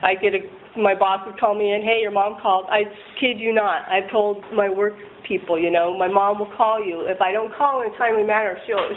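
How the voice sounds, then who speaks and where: Woman telling a candid story over a tinny line. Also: medium pitch. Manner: rambling, self-deprecating, with frequent laughs. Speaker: person sharing a recovery story. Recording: tinny phone-like line with faint noise.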